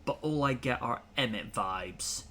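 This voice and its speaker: A man's voice: mid-range voice, expressive, measured pace, over a noisy crowd. A man hosting a casual talk show, chatting in an opinionated, rambling way with plenty of fillers. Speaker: podcast host. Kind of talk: casual chat.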